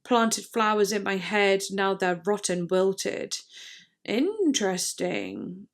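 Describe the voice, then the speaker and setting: A woman's voice: medium pitch, sing-song, slow pace, creaky. Musing woman reacting to an album. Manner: musing, hesitant with many fillers. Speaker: music reaction host. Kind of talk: casual album reaction commentary.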